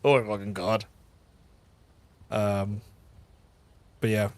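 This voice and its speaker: A man's voice: fairly low pitch, flat delivery, slow pace, a little mellow. Sweary Belfast man streaming a game. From Northern Ireland. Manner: sweary, joking, rambling. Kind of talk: casual game-stream chat.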